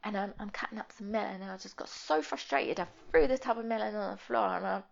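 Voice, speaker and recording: A woman appears as a podcast guest, telling a personal story candidly and rambling with frequent fillers. Her voice is medium-pitched, quick and creaky, and the audio is dull.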